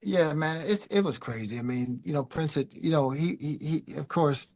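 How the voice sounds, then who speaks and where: A middle-aged man, a guest musician, telling loose, animated stories in a casual chat. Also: fairly high pitch, normal speed. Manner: animated, loose, peppered with "man" and "you know". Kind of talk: casual storytelling.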